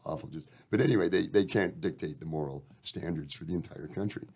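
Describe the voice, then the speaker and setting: A man's voice: deep voice, a little fast, vocal fry, darkish tone, slightly rough. A Canadian man, a band member guest on a radio show, telling long rambling stories with lots of swearing and "eh". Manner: rambling, profane, uses "eh". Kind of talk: casual storytelling interview.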